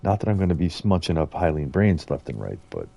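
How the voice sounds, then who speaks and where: A middle-aged American man streams a game, thinking aloud and chatting to his viewers in a rambling, easygoing way. His voice is very deep and gravelly, with a dark, husky tone. His pitch swings widely as he talks. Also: sing-song, fairly quick, lo-fi sound. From United States. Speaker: gaming streamer. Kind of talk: casual gameplay commentary.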